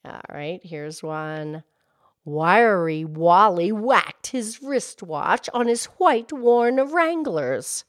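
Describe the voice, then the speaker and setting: A woman voicing a gentle, patient cow who cohosts a children's podcast. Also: low-pitched, animated, normal speed, no echo, studio quality. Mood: calm. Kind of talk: kids' podcast character play.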